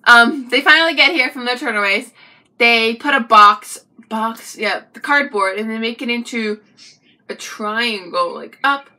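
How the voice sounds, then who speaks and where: A young woman vlogger telling a personal story to the camera in a chatty, animated way, with frequent asides to the viewer. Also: on the high side, measured pace.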